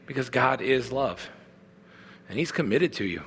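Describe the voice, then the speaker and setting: A pastor delivers a sermon in a conversational, earnest manner, often circling back with small restarts. His voice is bright and forceful, at a middle pitch for a man. A long hall reverb trails behind his words. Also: animated, normal speed, a little hiss or hum.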